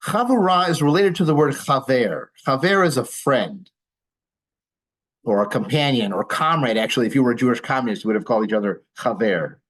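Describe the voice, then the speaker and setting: A man's voice: medium pitch, animated, fairly quick, fairly bright tone, low-quality recording. A male rabbi giving an informal class to a live audience, explaining patiently with dry humor and many small fillers. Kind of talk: informal lecture with audience questions.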